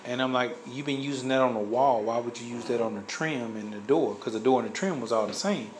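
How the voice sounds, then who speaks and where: A man's voice: mid-range voice, fairly quick, a little hiss or hum, rough recording. A man casually telling a personal story, rambling with many fillers and restarts. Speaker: guest sharing a testimony.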